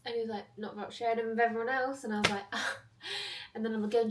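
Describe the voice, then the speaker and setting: A woman's voice: fairly high pitch, little pitch movement, very fast, recorded from a distance, noisy background. A young woman from chatting casually to her phone camera, self-mocking and rambling as she tells stories. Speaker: vlogger. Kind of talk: casual vlog chat.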